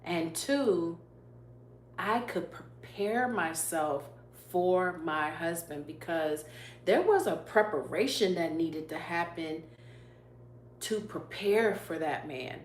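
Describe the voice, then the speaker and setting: A woman's voice: on the low side, animated, slow. A woman hosting a livestream, sharing an emotional faith testimony in an earnest way and answering viewer comments. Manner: earnest, emotional, laughs often; reads viewer comments aloud. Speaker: YouTube livestream host. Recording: echoey room, faint hum.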